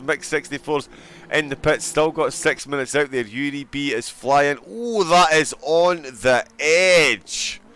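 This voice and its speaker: A man commentating on an online sim racing qualifying session, excitable and joking. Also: on the high side, smooth. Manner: excitable, fast-talking, joking.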